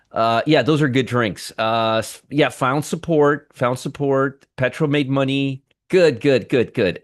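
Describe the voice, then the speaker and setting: A middle-aged man chats loosely through a livestream, running down his viewers' names one after another and often restarting his sentences. The sound is close and dry, with no room around it. His voice sits at an ordinary male pitch. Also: no echo. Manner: rambling, greets viewers by name, many restarts. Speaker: trading show host. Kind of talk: casual livestream chat.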